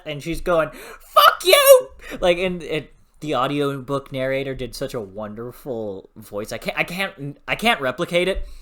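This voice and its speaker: Medium in pitch and a bit bright, this reviewer's voice carries a laid-back video book review. Laughter comes frequently, the swearing is unrestrained, and the thread of thought keeps slipping away.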